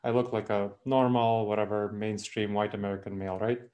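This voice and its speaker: A man's voice: on the low side, flat delivery, fairly quick, dark tone, dull audio. A man with a Moldovan accent, from Moldova, giving an earnest explanatory webinar talk over a video call and restarting his sentences often. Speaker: speaker.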